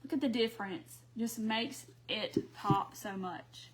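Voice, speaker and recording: A woman's voice: medium pitch, slow pace, a little hiss or hum. A woman, hosting a casual craft livestream from home, chatting and laughing with her viewers while she paints. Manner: chatty, laughs often, talks to viewers as y'all.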